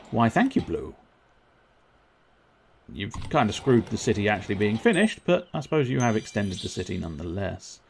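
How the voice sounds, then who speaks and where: A man's voice: lowish voice, a little mellow. A man casually commenting on a board game he plays live, chatty and self-mocking, with plenty of swearing. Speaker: livestreamer playing board games. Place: at home.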